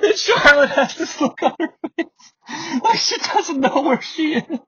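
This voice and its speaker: A man's voice: very high voice, lively intonation, unhurried, pushed and bright. A man hosting a podcast, recapping old wrestling with wry humor, frequent laughter and rambling asides. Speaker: podcast host. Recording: dry, slightly muffled podcast mic.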